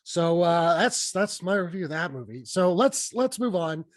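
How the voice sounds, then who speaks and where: A man's voice: sits high, normal speed, dry recording, studio quality. A man hosting a podcast, chatting casually and animatedly about movies. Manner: chatty, animated, laughs at his own stories. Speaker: podcast host.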